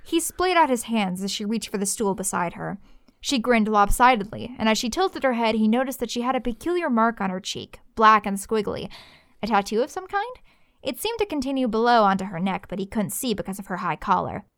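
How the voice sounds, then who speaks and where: A woman reads a story aloud with a lively, expressive delivery, her voice sitting a little high and her pace a little fast. The recording is dry and close to the mic.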